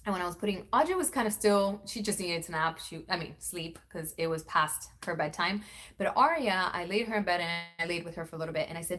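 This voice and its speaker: A young woman vlogger chatting casually, acting out quoted lines with big jumps in pitch. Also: fast talker, a bit bright. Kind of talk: casual storytelling chat.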